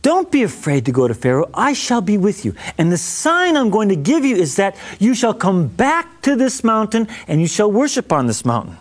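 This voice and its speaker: A man's voice: high-pitched, wildly swooping pitch, normal speed, hardly any pauses. A man teaching on a Bible story, acting out the dialogue with humor and plenty of animation. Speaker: preacher.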